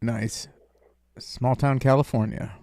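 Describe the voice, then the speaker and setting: A young man hosts a call-in stream in a loose, rambling, joking manner, full of filler words. His voice sits at a middle pitch and sounds dry and close, with no room echo. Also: fairly even intonation, takes it slowly, gravelly, dark tone. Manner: rambling, jokey, lots of filler. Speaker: streamer host taking calls. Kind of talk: casual chat.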